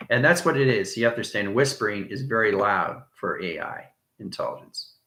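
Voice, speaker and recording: Male host with a rambling, chuckling delivery, low but bright voice, recorded in a reverberant room. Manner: rambling, chuckles often, jumps between soft and loud. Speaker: channel host. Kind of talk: rambling spiritual monologue.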